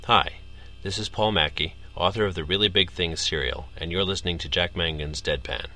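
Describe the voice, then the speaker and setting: A man with a very low voice reads a short podcast promo again and again in a cheerful announcer manner. His tone is bright and forward despite the depth. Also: a little fast. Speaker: podcast author recording a promo. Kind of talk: recording repeated promo takes.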